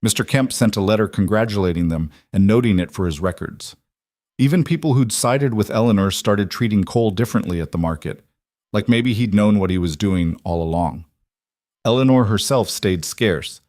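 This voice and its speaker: A man narrating a western story in a calm, measured way. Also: on the low side, no room sound, clean studio sound.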